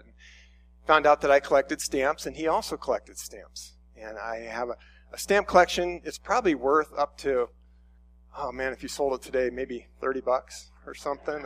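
A middle-aged man preaching a sermon in a conversational, storytelling way, often restarting his sentences. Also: medium pitch. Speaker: pastor.

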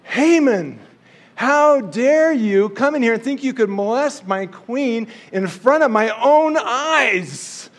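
A man's voice: sits high, sing-song, normal speed. A man voicing an impulsive, hot-tempered king who blusters and exclaims. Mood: outraged.

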